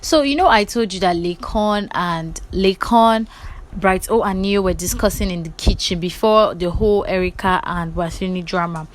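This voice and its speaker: A woman, casually recapping reality-show gossip in a chatty, animated way. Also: medium pitch, rough recording. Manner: chatty and animated, quick asides.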